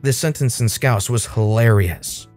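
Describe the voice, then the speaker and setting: A man reading online stories aloud as a storytime channel narrator in a scripted, expressive style. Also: on the high side, moderate pace, soft background music.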